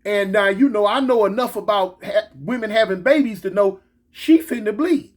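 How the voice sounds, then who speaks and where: A man telling a story in a casual, slangy, animated way. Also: high-pitched, moderate pace. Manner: animated, slangy, switches into excited quoted voices.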